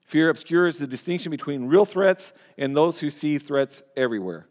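A man with a slightly high voice delivers an earnest sermon from the pulpit. He stumbles and restarts phrases as he presses his points. The sound carries a long hall reverb. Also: expressive, normal speed, a little mellow. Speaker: pastor.

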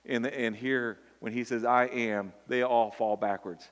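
A man's voice: medium pitch, steady tone, a little slow. A man preaching a sermon earnestly, often repeating words and building to emphatic peaks. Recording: long hall reverb.

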